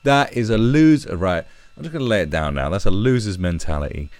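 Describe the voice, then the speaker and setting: A man's voice: lowish voice, expressive, fairly quick, a little mellow. A man ranting angrily in commentary, swearing and mocking. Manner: angry, sweary rant with mocking put-on voices.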